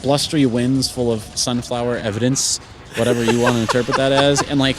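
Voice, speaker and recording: A man's voice: medium pitch, fairly even intonation, brisk, very noisy. A man chatting on a gaming podcast, rambling through an improvised story with swearing and laughter. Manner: profane, laughing, acts out bits in sudden shouted voices.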